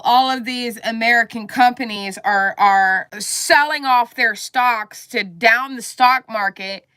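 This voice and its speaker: Furious high-voiced woman ranting on stream. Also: pushed and bright. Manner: heated, profane, repetitive. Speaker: livestreamer. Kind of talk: angry livestream rant.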